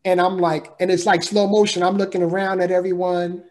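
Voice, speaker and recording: Earnest man with a higher voice. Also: level tone, brisk, a little mellow. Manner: earnest, emphatic, casual with "man" and "bro". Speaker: guest. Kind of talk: personal storytelling in conversation.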